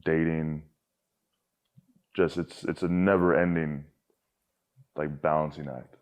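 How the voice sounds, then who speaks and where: A man's voice: rumbling low, fairly even intonation, slow, darkish tone. A young man talking candidly as a podcast guest, rambling with lots of filler words and casual swearing.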